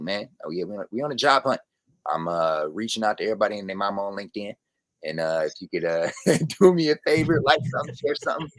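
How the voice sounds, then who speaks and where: A man, a sports reporter and guest on a podcast, talking in a relaxed, slangy way and laughing easily. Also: sits low, no echo. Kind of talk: casual podcast interview.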